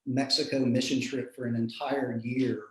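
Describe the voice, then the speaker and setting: A man, a minister telling a personal story in an earnest, reflective way with soft chuckles. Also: medium pitch, level tone, moderate pace. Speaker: minister in a panel discussion. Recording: roomy echo.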